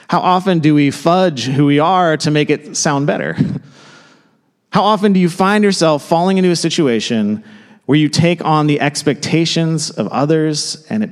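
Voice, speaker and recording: A man preaching a sermon in a casual, conversational way, with quick asides and restarts. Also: fairly high pitch, big-room sound. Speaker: pastor. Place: church sanctuary.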